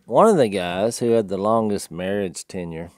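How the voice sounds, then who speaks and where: A man's voice: lowish voice, expressive, moderate pace, a little mellow, no echo. A man in his fifties with a Southern US twang rambles through a story in casual podcast chat. His voice swings animatedly up and down, and he often laughs along the way. The sound is dry and close. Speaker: podcast co-host.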